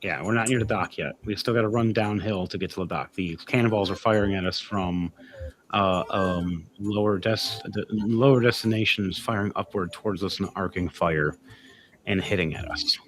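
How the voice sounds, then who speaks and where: Animated man running a tabletop game. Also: on the low side. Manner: animated, halting with fillers. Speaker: game master.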